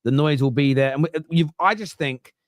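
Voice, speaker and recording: A man's voice: fairly high pitch, fairly quick, no room sound, studio quality. A man hosting a casual football podcast, talking bluntly and opinionatedly and swearing freely. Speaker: podcast host.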